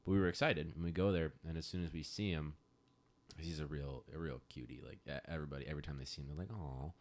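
A young man in casual chat, telling stories in an animated, chatty way. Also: very deep voice, fast, slight background noise. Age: young adult.

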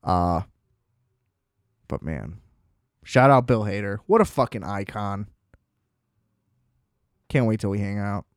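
A man's voice: fairly low pitch, animated, slow pace, pauses often, no echo, studio quality. A young man chatting casually on his own, rambling, swearing freely and laughing often. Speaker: solo vlogger. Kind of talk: casual chat.

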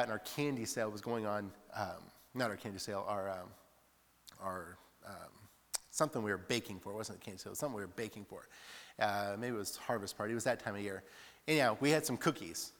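A man's voice: medium pitch, fairly bright tone. A male preacher giving a sermon in a chatty, storytelling way, often laughing and tossing in "like" asides. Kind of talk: sermon with personal stories. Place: church hall. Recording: long reverb in church hall.

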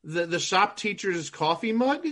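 A man's voice: high voice, expressive, a little slow, a bit bright. A man making wry remarks in a casual movie commentary. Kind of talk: casual commentary over a film.

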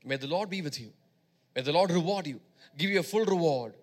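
A man preaching a sermon, repeating phrases for emphasis and swinging between loud exhortation and quieter teaching. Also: on the high side, animated, fairly quick.

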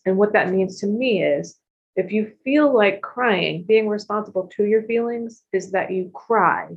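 A woman in her fifties sharing her recovery story frankly and expressively, with casual swearing and quick asides. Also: mid-range voice, vocal fry. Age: 50s. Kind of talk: candid personal testimony. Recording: dull lo-fi recording.

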